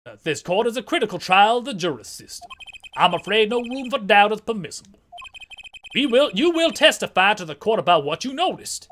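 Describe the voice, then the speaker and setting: A man voicing a stern older court judge in a game playthrough, formal and booming. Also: sing-song, a little fast, fairly bright tone.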